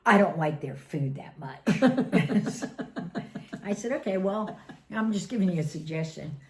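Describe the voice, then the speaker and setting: A woman's voice: mid-range voice, lively intonation, slow pace. A middle-aged woman caring for her mother, telling stories in a casual vlog and laughing often. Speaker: family caregiver.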